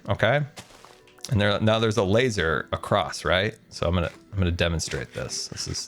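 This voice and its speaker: A man's voice: fairly low pitch, fairly bright tone. A man streaming casually, ranting animatedly and joking with his viewers.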